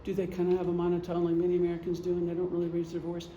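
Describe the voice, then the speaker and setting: Middle-aged woman presenter, warm dark tone, joking and chatty, recorded in an echoey room. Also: fairly low pitch, completely flat delivery, very fast, highs cut off, slight background noise. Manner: chatty, joking, acts out gestures. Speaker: presenter, retired police officer and veteran. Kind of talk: casual lecture.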